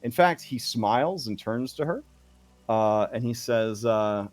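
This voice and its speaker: A man narrating as game master of a tabletop game, slow and hesitant with many fillers. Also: mid-range voice, lively intonation.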